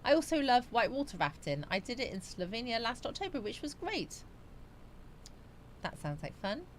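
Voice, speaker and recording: A woman hosting a relaxed live chat stream, reading her viewers' comments and chatting back to them. Her delivery is loose and meandering, with frequent fillers and thinking out loud. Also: a little high, normal speed, a little hiss or hum. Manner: chatty and rambling, musing aloud with frequent fillers. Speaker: livestream host.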